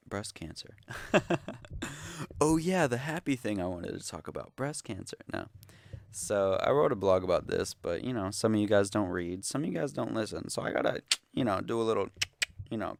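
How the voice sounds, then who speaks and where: A man's voice: on the low side, animated, normal speed, gravelly, no room sound. A young man ranting into the camera, exasperated, sarcastic and profane in a casual vlog. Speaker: vlogger.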